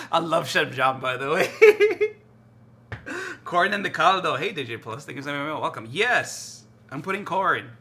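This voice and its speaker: A man chatting casually to his stream while cooking in his kitchen, excitable and rambling, often repeating himself. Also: on the high side, normal speed. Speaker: live streamer. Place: home kitchen.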